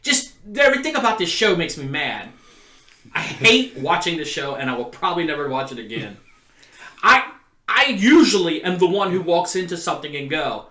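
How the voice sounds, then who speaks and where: Man, high voice, animated, bright, ranting, podcast co-host. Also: moderate pace, reverberant. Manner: ranting, exasperated. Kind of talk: casual podcast chat.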